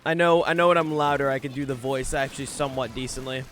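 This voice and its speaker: A man's voice: medium pitch, fairly even intonation, fast talker, fairly bright tone, soft background music. A young man streaming a game live, chatting casually with viewers in a brash, joking way and swearing a lot.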